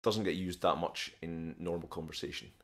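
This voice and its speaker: A Scottish man chats on his live stream in a very deep voice. He answers viewers one by one, relaxed and unhurried, stopping often to restart his sentences. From Scotland. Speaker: live stream host teaching English and learning Korean. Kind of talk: casual live stream chat.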